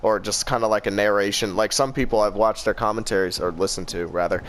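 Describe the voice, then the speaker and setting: A podcast co-host who talks in a loose, rambling way and swears freely. His voice is somewhat low. The talk is casual and unscripted. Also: steady tone, quick pace, slight background noise.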